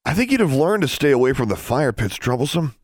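A man's voice: mid-range voice, sing-song, fast, no room sound, studio quality, voice pushed up. A man voicing a smug, taunting older schoolboy wizard.

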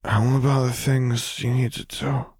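A man's voice: medium pitch, flat delivery, measured pace, darkish tone, dry recording, voice pushed up. A man voicing a drowsy young boy who mumbles in a small, sleepy voice. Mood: surprised.

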